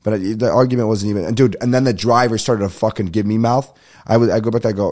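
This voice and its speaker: A man's voice: fairly low pitch, fairly even intonation, very fast, a little mellow. A young adult man casually telling a comic story on a podcast, ranting with lots of swearing and acting out the people he argued with. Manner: profane, ranting, acts out phone calls. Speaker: podcast host.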